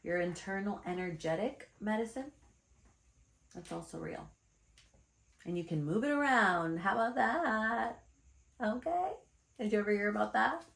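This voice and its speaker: A woman's voice: mid-range voice, expressive, unhurried, gravelly, long pauses, fairly bright tone. A woman spiritual teacher giving a chatty, blunt card reading to her viewers, calling them darlings. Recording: echoey room.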